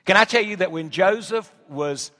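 A man's voice: high voice, normal speed, bright, forceful tone. A man preaching a sermon in a church, reading scripture and asking the congregation emphatic rhetorical questions. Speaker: pastor. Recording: long hall reverb.

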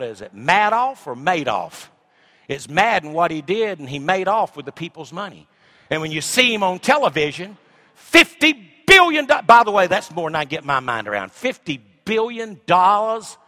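A middle-aged man preaching a sermon as pastor, swinging from shouts to hushed asides. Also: high-pitched.

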